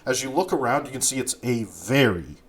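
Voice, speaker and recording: A man narrating a tabletop game as game master, unhurried and full of fillers. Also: medium pitch, lively intonation.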